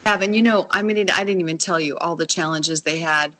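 A middle-aged woman tells a personal faith story as a guest. Her voice sits a little low, and she is earnest and animated, acting out the voices of the people in her story. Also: a little fast. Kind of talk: emotional personal testimony.

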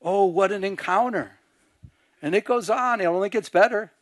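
A male pastor preaching a sermon, animated, acting out scenes in quieter voices. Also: high voice, normal speed, no room sound. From Michigan.

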